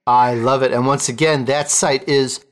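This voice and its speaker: A male host interviewing a guest in an enthusiastic, joking, excitable way. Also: medium pitch, normal speed. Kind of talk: interview, casual chat.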